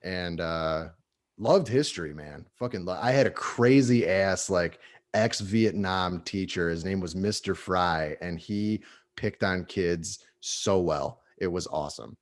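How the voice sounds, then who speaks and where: A man in his thirties, a podcast guest, telling profane, animated stories in casual comedy chat. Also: sits low, measured pace.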